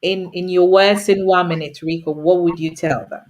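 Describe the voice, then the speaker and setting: A woman's voice: lowish voice, fairly even intonation, normal speed, darkish tone, dull audio, slight background noise. A woman hosting a casual video-call interview, encouraging her guests with enthusiasm. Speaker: host.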